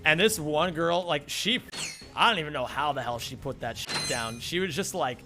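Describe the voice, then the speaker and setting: A man's voice: a little high, normal speed, noisy background. A young man speedrunning a game, rambling through a funny story with frequent laughs and casual swearing. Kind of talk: casual chat while gaming.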